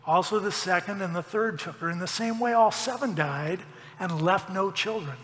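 A man's voice: sits high, moderate pace, a bit bright, big-room sound. A middle-aged man preaching a sermon as pastor, with folksy joking asides.

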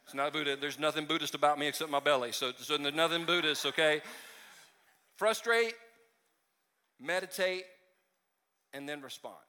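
A man's voice: a little high, moderate pace, long pauses, pushed and bright, long reverb tail. A male pastor preaching a conversational sermon, joking and stumbling over restarts as he talks to his congregation. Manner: conversational and self-deprecating, with frequent restarts and asides. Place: church sanctuary.

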